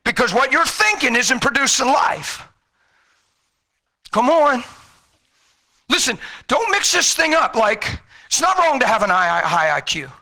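A male preacher with a very high, piercing, bright voice gives a fervent sermon. He exhorts with rising force, then drops low and intense. His delivery is urgent and insistent. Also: sing-song, measured pace, long pauses.

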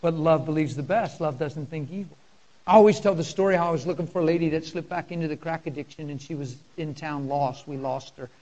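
Impassioned high-voiced preacher man. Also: quick pace, dark tone, muffled recording. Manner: impassioned, emotional, conversational preaching. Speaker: pastor. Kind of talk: sermon with personal storytelling.

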